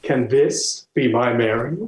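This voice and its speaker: An actor playing a playful male poet who savours phrases, with lively, stammering Elizabethan stage delivery. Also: medium pitch, measured pace, roomy sound, lightly acted.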